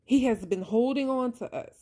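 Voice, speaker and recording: A woman with a slightly high, dark-toned voice talks at a moderate pace about her faith and the abuse she survived. Like a preacher, she drives points home through repetition and speaks to listeners as "y'all." This vlogger's monologue is heartfelt and faith-based, her voice frayed and on the edge of tears.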